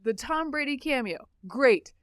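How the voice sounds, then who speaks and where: A woman co-hosting a podcast in casual chat, giving quick, opinionated takes on commercials and politics. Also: high-pitched, animated, no echo, studio quality. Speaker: podcast co-host.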